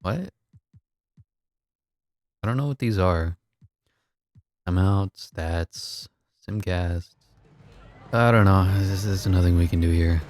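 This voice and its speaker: A man giving casual, excitable commentary over his own gameplay, laughing at the game and mocking himself. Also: measured pace, long pauses. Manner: excitable, voice jumps high when hyped. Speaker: gaming commentator.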